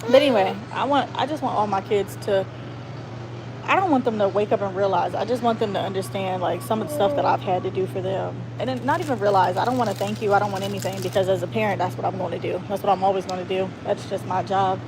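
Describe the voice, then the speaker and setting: A fast-talking woman in her thirties with a mid-range, fairly even voice records a casual, heartfelt vlog on a handheld phone as she enters a store. She rambles earnestly and emotionally with restarts while loud traffic noise plays in the background.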